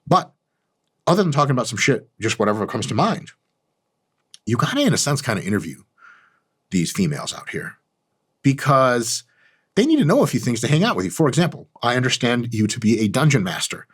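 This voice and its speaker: A man hosts a comedic advice monologue with a husky voice. He swaggers through it, mock-arrogant and full of profanity. His pitch swings in lively, animated leaps. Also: brisk, long pauses. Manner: lively, animated delivery with big pitch jumps. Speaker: channel host.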